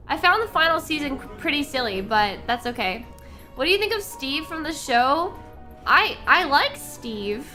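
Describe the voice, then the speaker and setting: Young streamer girl rambling to chat, high bright voice, lots of like and um, bit of music underneath. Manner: rambling, giggly, with many restarts and fillers. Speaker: VTuber streamer. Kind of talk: casual live-stream chat.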